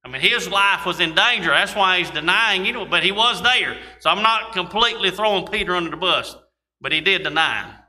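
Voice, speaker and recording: Pastor, male, folksy sermon delivery, tense bright voice. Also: high-pitched, expressive, brisk. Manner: folksy preaching with scripture reading and asides. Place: church sanctuary. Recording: long church reverb.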